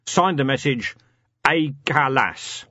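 A man's voice: mid-range voice, lively intonation, slow pace, bright, forceful tone, dry recording, highs cut off, voice pushed up. A man reading a hesitant, nervous young special constable making a report.

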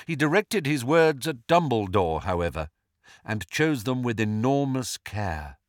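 A man reading a fantasy novel aloud as an audiobook narrator, with expressive, measured storytelling. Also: mid-range voice, no room sound, clean studio sound. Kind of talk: scripted narration.

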